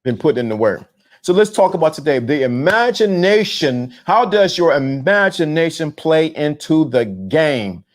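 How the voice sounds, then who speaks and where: A middle-aged man hosting a casual live stream, talking in slang, repeating himself and giving shout-outs to viewers. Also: on the high side, lively intonation, moderate pace. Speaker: host of a talk show on dating game. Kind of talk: casual live-stream talk reading chat.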